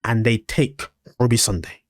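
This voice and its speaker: A man's voice: medium pitch, moderate pace, dry recording, clean studio sound. Blunt, swearing male podcast co-host. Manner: blunt, swears, acts out imagined scenes. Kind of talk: casual review chat.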